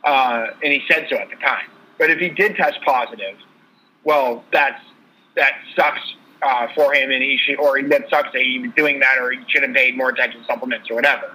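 A man's voice: mid-range voice, fairly quick, bright, forceful tone, breathy edge, low-quality recording. A man co-hosting a casual sports podcast, telling stories and listing trade details. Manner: storytelling, lists trade details. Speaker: podcast co-host.

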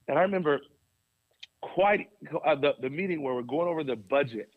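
A young adult man, a pastor, telling a personal story in a podcast interview with a lively, animated delivery and frequent laughs. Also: fairly quick, no echo, phone-quality sound. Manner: animated storyteller, swings pitch high for quoted voices, laughs often.

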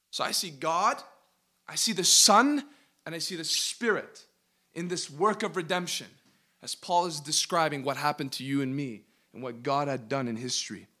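A man leading a Bible study, reading verses aloud with emphatic, animated delivery and quick questions to his listeners. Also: fairly high pitch. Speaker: Bible teacher.

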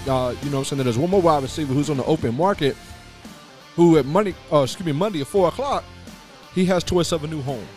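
A man's voice: fairly high pitch, quick pace, darkish tone, faint music behind. A man hosting a sports talk radio show, blunt and opinionated, leaning on filler phrases as he rants.

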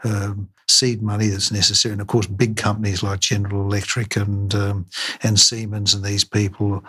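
An older surgeon speaks in an interview, his voice low and a little husky. He talks haltingly, filling gaps with "uh" and "um" and restarting his sentences as he recalls his work. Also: flat delivery, a bit bright. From Australia. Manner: halting, many fillers and restarts. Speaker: craniofacial surgeon.

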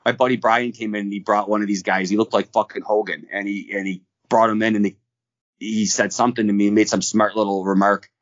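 Casual podcast co-host, male, rapid profane storyteller, slightly low voice, dull dry recording. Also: no room sound. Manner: fast, profane, rambling with restarts.

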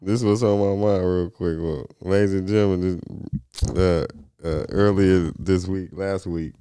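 A man's voice: deep voice, fairly even intonation, a little slow, dark tone, clear, resonant tone. A man co-hosting a casual podcast, laughing often and acting out his own reactions as he retells a story. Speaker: podcast co-host. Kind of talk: casual chat.

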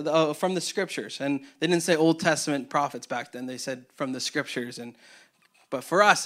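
Pastor guy with a high voice, preaching casual and energetic, lots of restarts. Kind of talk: sermon.

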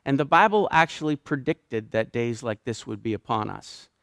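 A man's voice: mid-range voice, expressive, moderate pace, creaky, a bit bright, dry recording, clean studio sound. A Canadian man with a Canadian accent preaching a sermon, emphatic and building his points through repeated phrases. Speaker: pastor.

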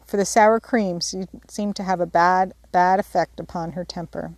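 A woman reading a classic novel aloud in a measured, expressive storytelling manner. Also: lowish voice, dry recording. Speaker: audiobook narrator. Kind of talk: scripted narration.

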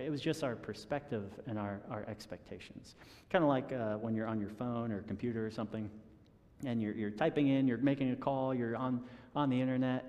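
A man's voice: mid-range voice, dark tone. Chatty man preaching in a reverberant hall. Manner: conversational, self-deprecating with chuckles and repeated restarts. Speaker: pastor. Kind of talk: sermon.

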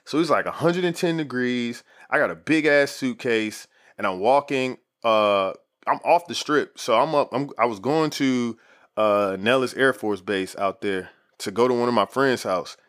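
A man in his thirties tells a story in laid-back, slangy talk full of "like" fillers. His voice is medium in pitch and fairly bright, at a moderate pace.

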